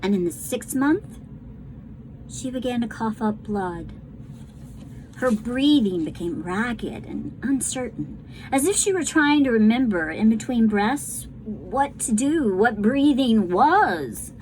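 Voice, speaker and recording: A woman reading a children's book aloud to a class, tender and unhurried. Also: on the high side, animated, darkish tone, slight background noise, poor audio. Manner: slow, tender storytelling.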